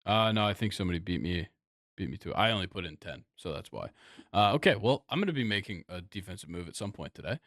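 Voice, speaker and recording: A young man co-hosting a casual sports podcast, laid-back and quick to laugh, trailing off with fillers as he thinks. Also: low voice, animated, a bit bright, no room sound, studio quality. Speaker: podcast co-host.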